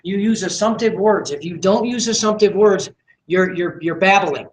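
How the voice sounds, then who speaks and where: A man's voice: high voice, normal speed, slight background noise. A confident, assertive man giving a live sales training talk to a small group, acting out what he says to people. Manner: confident, assertive, acts out dialogue. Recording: echoey room recording.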